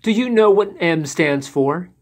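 A man's voice: high voice, expressive, a little slow, darkish tone, voice pushed up. A man voicing little X, a small lonely letter in a storybook, earnest and wistful. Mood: clever.

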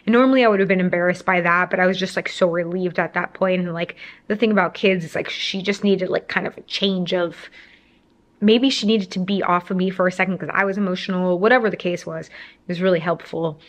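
Young woman, casual storytime vlog, rambling, filler-heavy, lowish voice. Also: steady tone, a little fast. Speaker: vlogger telling a story. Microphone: camera framing, talking to camera.

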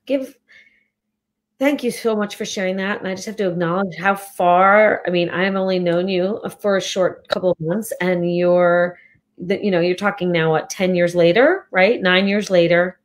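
A woman's voice: medium pitch, fairly even intonation, measured pace. A woman hosting an interview, reacting with sympathy and many exclamations before asking her guest questions. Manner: empathetic, lots of exclamations. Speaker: interview host. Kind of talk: casual interview.

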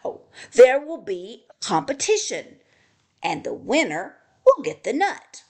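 A firm old-fashioned badger who wants his sleep, put on by a woman reading a picture book. He lays down the rules slowly and deliberately. The voice carries a light gravelly texture and swings widely in pitch. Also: wildly swooping pitch, a little mellow, exaggerated voice. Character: stern sleepy male badger, firm peacemaker. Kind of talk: storybook read-aloud.

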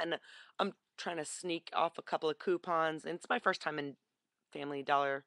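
Bright, animated webcam storyteller. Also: medium pitch, moderate pace, gravelly, no echo. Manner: animated, acts out the voices of people in the story. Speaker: vlogger. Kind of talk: casual storytelling.

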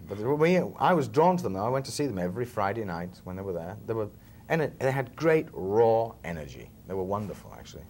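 A man's voice: fairly low pitch, big pitch swings, fast, hardly any pauses, a little mellow, slight background noise. A man, telling stories as a film actor being interviewed, chatty and chuckling now and then. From England, Liverpool. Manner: chatty storyteller, often chuckling. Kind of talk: relaxed interview chat.

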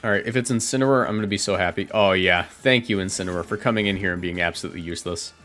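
A man giving casual, chatty commentary on his own competitive matches from a home streaming setup, often correcting himself and reacting out loud. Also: low voice, very fast, faint music behind.

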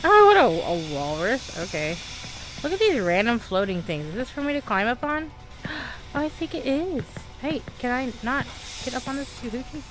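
A woman's voice: fairly high pitch, sing-song, normal speed. A woman in her thirties from Texas with a Southern American accent, chatting through gameplay and talking to herself. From Texas, USA. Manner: chatty, exclaiming, talks to herself. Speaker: gaming streamer. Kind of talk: live gameplay commentary.

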